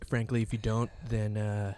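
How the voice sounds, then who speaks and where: A man's voice: fairly low pitch, monotone, moderate pace, mellow, clear, resonant tone. A young man casually asking questions during a hot wing challenge, upbeat and teasing. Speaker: youth group co-host.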